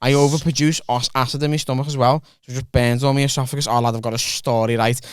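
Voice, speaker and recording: A man's voice: medium pitch, fast, slight background noise. A young adult man hosting a podcast, telling a rambling, profane story in casual chat. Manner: rambling, profane, animated anecdote. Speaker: podcast host.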